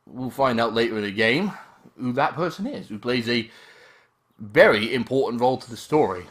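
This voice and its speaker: A man's voice: medium pitch, lively intonation, normal speed. Joking, rambling let's-play commentator man. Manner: joking, rambling, self-correcting. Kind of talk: casual game commentary.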